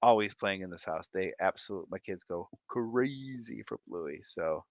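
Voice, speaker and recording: A man hosting a casual livestream from home, reading viewer comments with animated, playful, jokey asides. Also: low-pitched, unhurried, dry recording, dull audio. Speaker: livestream host.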